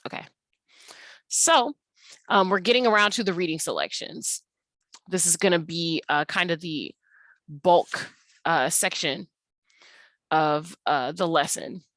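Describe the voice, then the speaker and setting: A young adult woman teacher talking through a recorded slide lesson at an unhurried pace, with many ums and uhs. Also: lowish voice, a bit bright, no room sound.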